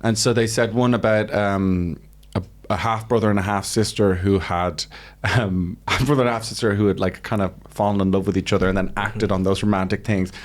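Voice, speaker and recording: A man's voice: lowish voice, fairly quick. A man with an Irish accent, a guest comedian telling stories in casual podcast chat, acting out the people he quotes. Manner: animated storytelling, acts out quotes.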